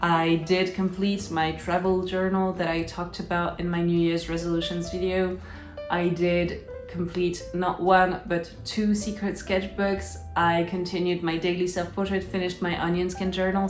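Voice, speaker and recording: A woman's voice: on the low side, little pitch movement, measured pace, roomy sound, soft background music. A woman who is a native French speaker chats casually to camera in English, with a French accent that drifts between British and American and an upbeat, chatty manner. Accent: French, shifting between British and American. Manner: upbeat and chatty, with frequent restarts. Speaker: illustrator and YouTuber.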